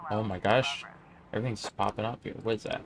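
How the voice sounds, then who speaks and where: A young man casually commenting on a game he plays, reading its text aloud in a low-key way. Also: fairly even intonation, fast, a crowd in the background. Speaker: gaming YouTuber. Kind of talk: let's play commentary.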